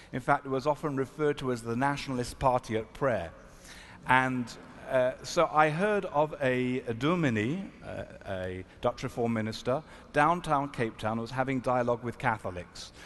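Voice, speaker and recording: A man from South Africa, a rabbi, telling a story at a panel in an earnest, reflective, halting manner. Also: mid-range voice. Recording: echoey hall, faint noise.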